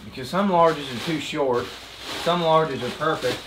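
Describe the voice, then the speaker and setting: A lively man with a slightly high voice chats casually in a group vlog. His voice bounces around an echoey room. Loud background noise nearly covers him. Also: measured pace. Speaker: vlog regular. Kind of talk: casual chat.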